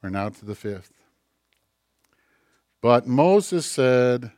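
A man preaching a sermon, acting out voices and swinging between loud emphatic lines and hushed asides. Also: medium pitch, expressive, extremely slow, long pauses, no echo, clean studio sound. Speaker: pastor.

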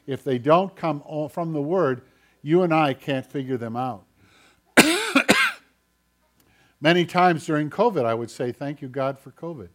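A man preaching a sermon, swinging from urgent, raised passages to hushed, quiet ones. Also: medium pitch. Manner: dramatic shifts between loud urgency and hushed quiet. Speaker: pastor.

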